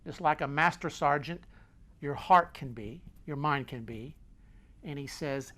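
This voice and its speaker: A man's voice: a little high, measured pace. Middle-aged male host, folksy motivational speaker, hammers his points home by repetition. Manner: emphatic, repeats key phrases, swings loud and quiet; folksy, talks with his hands. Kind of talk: motivational talk.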